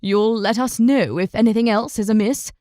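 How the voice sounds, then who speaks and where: A woman's voice: on the high side, moderate pace, darkish tone, no echo, clean studio sound, close to an everyday voice. A woman voicing a courteous young male knight in an audiobook, speaking politely and with measure.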